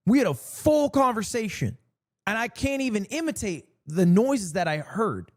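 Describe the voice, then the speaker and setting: A male streamer chatting casually with his viewers, his voice sitting a bit high for a man. He jokes his way through stories, and his pitch leaps around in a lively, animated way. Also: moderate pace. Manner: joking, animated storytelling with sudden pitch jumps.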